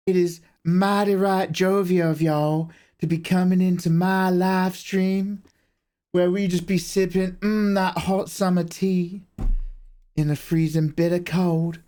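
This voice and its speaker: A grand, syrupy Southern gentleman, as a man puts him on drawls every word out slowly and with mock courtliness. The exaggerated American Southern accent sits higher than the speaker's usual voice and has a changed, put-on tone. It comes across as an over-the-top parody of old-fashioned Southern charm. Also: level tone. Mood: mock-courtly.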